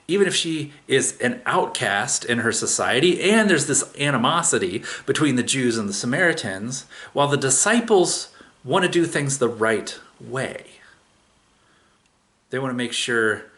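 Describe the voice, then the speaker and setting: A man's voice: mid-range voice, fairly bright tone. A man preaching a sermon, retelling a scripture story in a casual, conversational way with everyday asides. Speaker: pastor.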